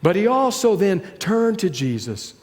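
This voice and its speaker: A man's voice: high-pitched, big pitch swings. Man preaching a dramatic sermon in a hall. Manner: dramatic, slowing and dropping softly on key phrases.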